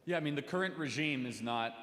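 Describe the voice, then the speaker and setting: A man speaking on a panel at a live event, talking urgently and rising to forceful emphasis. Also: on the high side, quick pace. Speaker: talk radio host on a panel. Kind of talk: impassioned panel speech. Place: large hall with audience. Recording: echoey hall reverb.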